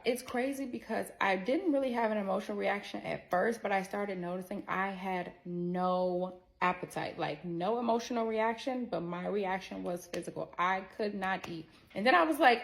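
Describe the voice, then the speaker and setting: A woman telling a personal story to her viewers in a candid, animated way, swearing freely as she goes. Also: medium pitch, normal speed, creaky, few pauses, low-quality recording. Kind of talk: casual storytelling to camera.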